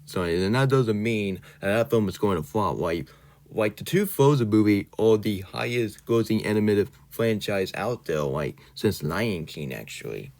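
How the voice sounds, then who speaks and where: Ranting man with a lowish voice. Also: darkish tone. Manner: indignant, ranting, loosely worded with many fillers. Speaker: channel host. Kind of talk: casual vlog rant.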